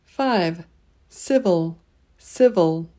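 A woman leading a pronunciation drill, saying each word twice and pausing so listeners can repeat. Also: on the low side, lively intonation, dark tone. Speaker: pronunciation teacher.

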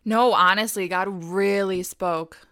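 Bright, laughing woman podcast host. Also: mid-range voice, takes it slowly, clean tone, no room sound, studio quality. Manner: laughs often, animated storytelling. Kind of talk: casual faith podcast chat.

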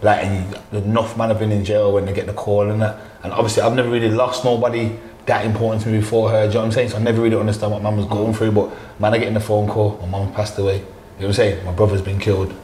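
A man's voice: on the low side, level tone, rapid-fire, darkish tone, echoey room, slight background noise. A man speaking earnestly and emphatically in a casual podcast chat. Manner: earnest, emphatic, says bro a lot. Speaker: podcast guest.

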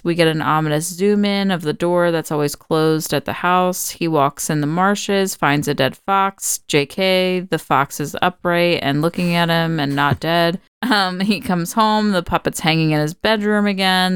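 A woman with a low, very clear and smooth voice talks through a film from her notes in relaxed podcast chat. She laughs often and swears freely. The sound is close and dry, with no room around it. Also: normal speed, few pauses, no room sound. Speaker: podcast co-host. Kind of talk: casual movie recap chat.

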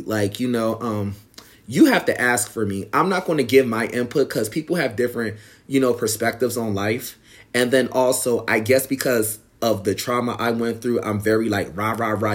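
A man telling a personal story to his viewers in casual, rambling talk, full of "you know" fillers and growing heated. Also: mid-range voice. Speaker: vlogger.

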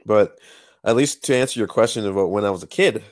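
A man co-hosting a podcast, chatting casually in a playful, animated way with lots of metaphors. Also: lowish voice, quick pace, dry recording, clean studio sound. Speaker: podcast co-host.

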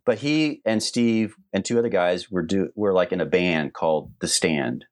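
Middle-aged male storyteller, very deep voice, loose and rambling, lots of restarts. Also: animated, moderate pace. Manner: rambling, many restarts and fillers. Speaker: animator guest telling stories. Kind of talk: casual storytelling on a livestream.

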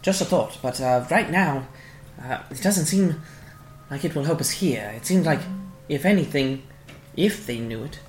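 A player in a tabletop game thinking aloud about puzzle ideas, with frequent "uh" pauses. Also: medium pitch, expressive. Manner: thinks aloud with "uh" and loose musings. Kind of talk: casual tabletop game play. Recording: echoey room with faint music.

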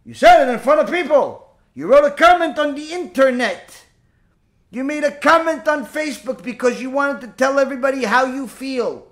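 A man preaching as a rabbi, telling a story and admonishing listeners in an animated way. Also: very high voice, normal speed. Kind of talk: sermon with storytelling.

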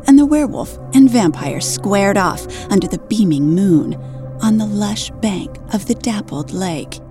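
A woman narrating an erotic story in a slow, sultry reading, with faint music behind. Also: mid-range voice, dark tone.

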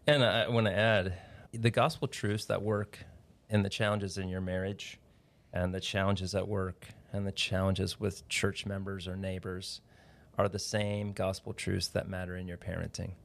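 A man's voice: low voice, normal speed, gravelly. A middle-aged man, a pastor and guest author, talking in a casual podcast interview and telling family stories with growing animation. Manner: warm storyteller, grows animated and laughing in anecdotes.

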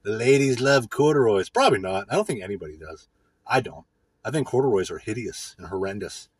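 A man hosting a podcast rants in a casual, profane monologue, mocking people he dislikes. His voice is husky and his pitch swings widely. The sound is dry and close. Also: sing-song, fast, no room sound. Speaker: podcast host.

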